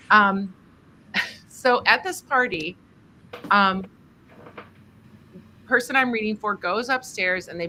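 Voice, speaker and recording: A woman's voice: medium pitch, sharp tone, slight background noise. A woman hosting a charity tarot stream, chatting casually and laughing often as she tells stories and reads cards. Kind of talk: casual storytelling and tarot reading.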